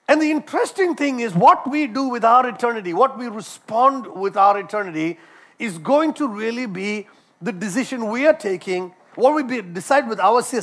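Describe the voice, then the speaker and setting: High-voiced man preaching a sermon. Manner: animated, repeats words and restarts. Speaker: doctor. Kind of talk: sermon with personal story.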